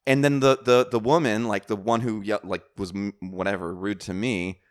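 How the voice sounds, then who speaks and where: A man's voice: fairly low pitch, fairly even intonation, normal speed. A man hosting a casual podcast chat, telling stories in a rambling way with many fillers and restarts. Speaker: podcast host.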